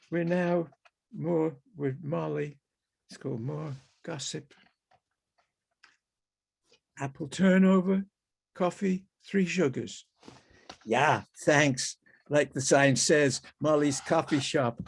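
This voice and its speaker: A man reading his own fiction aloud over a video call as a halting, musing first-person character monologue. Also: a little high, gravelly, husky. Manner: halting, musing, talks to animals and people in the scene.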